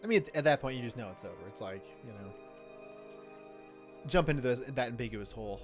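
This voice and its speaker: A man's voice: medium pitch, animated, fast, soft background music. A man co-hosting a casual reaction stream, talking in a crude, joking, rambling way over the film they are watching. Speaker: co-host.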